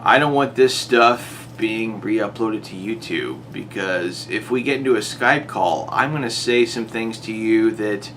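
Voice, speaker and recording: Guy doing a slow exasperated rant on his channel, goes way up on the questions, bit of hiss behind. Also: a bit bright. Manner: exasperated, rhetorical, pitch jumps up on questions. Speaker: YouTuber addressing a rival. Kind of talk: monologue to camera.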